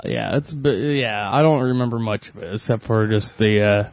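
Halting middle-aged man, casual chat. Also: on the low side, fairly even intonation, creaky. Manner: hesitant, halting with fillers and restarts. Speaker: podcast co-host.

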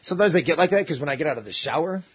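A man with a high, husky voice tells a story over a casual chat. He is animated and swears freely, acting out the voices of the people in it. His pitch leaps all over. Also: rapid-fire.

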